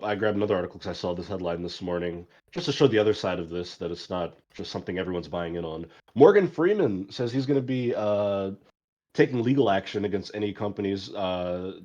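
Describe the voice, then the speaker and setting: A man's voice: low-pitched, fairly quick, a little mellow. A man co-hosting a casual pop culture talk show, reading news quotes aloud with offhand asides. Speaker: co-host. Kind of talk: casual podcast discussion. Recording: dull lo-fi audio.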